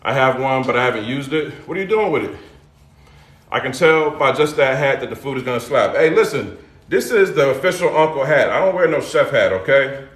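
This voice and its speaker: A man's voice: mid-range voice, animated, fairly quick, a bit bright, roomy sound. A middle-aged man hosting a casual live cooking demo, loose and chatty, calling out to his viewers. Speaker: cooking show host. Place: home kitchen.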